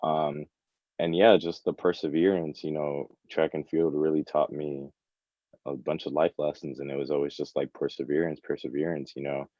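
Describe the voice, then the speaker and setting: A young man in his early twenties, a college track athlete, chats casually and earnestly as an interview guest, often saying "you know" and "like." His voice is rumbling low and dark, with a level tone at normal speed, recorded with no echo and the highs cut off.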